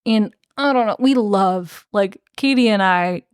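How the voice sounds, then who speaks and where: A woman's voice: mid-range voice, measured pace, smooth, dry recording, clean studio sound. A woman co-hosting a podcast, retelling a book's scenes in a chatty way with lots of "like". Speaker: podcast co-host. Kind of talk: casual book discussion.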